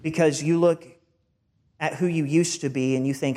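A pastor preaching a sermon in an earnest, emphatic way, with stumbling repeated words. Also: male voice, on the high side, fairly even intonation, normal speed, warm tone.

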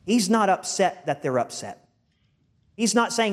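A man preaching a sermon with a slightly high-pitched voice. He speaks earnestly and with emphasis, often stumbling into repeated words as his points build. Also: very animated, measured pace. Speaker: pastor.

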